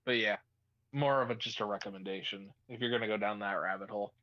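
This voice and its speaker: A man with a lowish voice chatting casually over a call, easygoing and halting, with plenty of pauses. His earbud mic sounds dull and muffled, and the audio is dry with no room sound. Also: steady tone, pushed and bright, dry recording. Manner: easygoing, halting, many fillers. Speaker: call guest.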